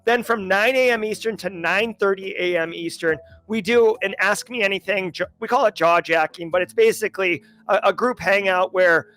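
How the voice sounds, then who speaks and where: A man with a Massachusetts accent hosting a casual livestream chat, joking and animated as he talks to his viewers. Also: high-pitched, normal speed, few pauses. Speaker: livestream host.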